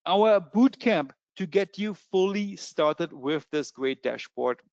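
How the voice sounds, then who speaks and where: A man with a German accent giving a fast, eager sales pitch in a trading webinar, with many fillers. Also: lively intonation, vocal fry, darkish tone, no echo, lo-fi sound. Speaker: webinar presenter.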